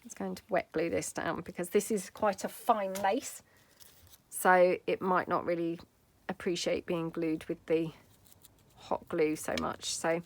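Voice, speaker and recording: A woman's voice: on the low side, little pitch movement, unhurried, slight background noise. A woman hosting a casual craft tutorial, rambling and chatty with lots of filler asides as she works at her craft table. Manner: rambling, full of "you know" fillers, friendly asides.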